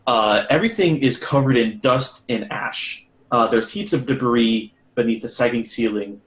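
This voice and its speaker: A man's voice: medium pitch, normal speed. A man narrating as game master of a tabletop game, rambling with many fillers.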